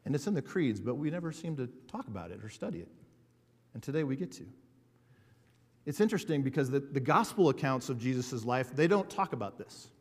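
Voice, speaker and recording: Male pastor, mid-pitched, earnest sermon delivery with slow emphatic builds, church hall reverb. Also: sing-song, darkish tone.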